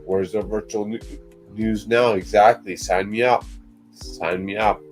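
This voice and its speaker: Man, casual stream co-host, rambling, excitable, faint music underneath. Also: on the low side, a little slow. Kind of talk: casual livestream chat. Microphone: webcam on a video call.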